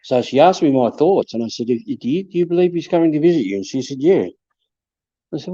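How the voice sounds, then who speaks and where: A man's voice: on the high side, expressive, a little fast, dark tone, no room sound. A man, a paranormal investigator, telling stories in a casual chat, hesitant and repeating words as he goes. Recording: slightly dull lo-fi sound.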